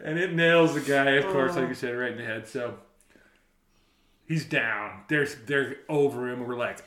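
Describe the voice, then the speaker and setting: A man telling a story in casual chat, animated, laughing often and acting out the shouted quotes. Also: medium pitch, measured pace. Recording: roomy echo.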